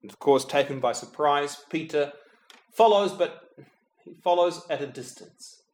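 A man preaching a reflective, prayerful homily, speaking directly to Jesus and dropping to a hush whenever he says the name, with touches of gentle humor. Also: a little high, lively intonation, a little slow.

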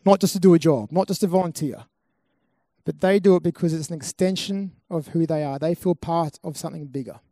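A man with a fairly high, warm voice speaks a little fast as he motivates a live youth festival audience. He's earnest throughout and repeats phrases to emphasize them.

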